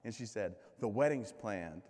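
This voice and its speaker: A man in his thirties from the United States giving a keynote speech as a string of comic stories, joking and poking fun at himself, with lively voices for the people he quotes. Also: on the low side, normal speed. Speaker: keynote speaker. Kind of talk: comedic storytelling speech. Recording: reverberant hall.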